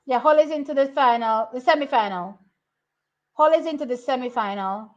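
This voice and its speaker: A young woman giving casual live commentary on a track race, excitable and repeating herself as she thinks aloud. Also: high voice, normal speed. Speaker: track and field watch-along host. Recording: slightly muffled lo-fi audio.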